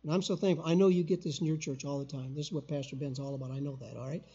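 Older man preaching a sermon, husky. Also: fairly high pitch, steady tone, rapid-fire, muffled recording. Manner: emphatic, rising to loud call-and-response. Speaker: guest preacher. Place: church sanctuary.

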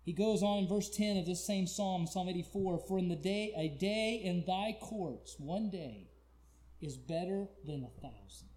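A man preaching a sermon, swinging between quiet, pleading, drawn-out lines and loud, shouted cries. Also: sits high.

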